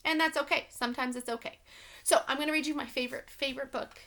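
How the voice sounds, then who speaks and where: A woman teacher chatting lively and warmly to young children before reading them a book aloud. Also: sits high, fast talker, noisy background.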